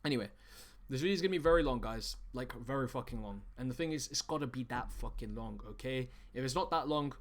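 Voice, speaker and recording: Young guy coaching dudes on texting, swears a ton, keeps saying bro, pitch right in the middle. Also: expressive, quick pace. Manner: blunt and heavily profane; emphatic, addresses viewers as guys and bro. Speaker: dating coach. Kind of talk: online coaching presentation.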